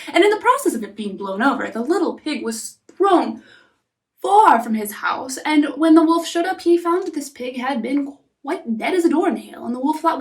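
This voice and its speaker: A woman narrating a fairy tale softly, often dropping into a whisper. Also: high voice, animated, far from the mic. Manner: soft, often whispering, unhurried. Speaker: storyteller. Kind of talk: storybook narration.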